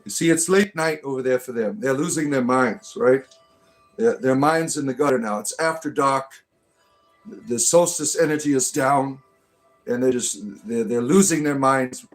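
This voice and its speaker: A man from the United States hosts a casual live stream, reading viewer comments aloud and riffing on them. His talk rambles and jokes along, with frequent restarts. Faint music plays underneath. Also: mid-range voice. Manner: rambling, joking, many restarts. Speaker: livestream host reading chat comments.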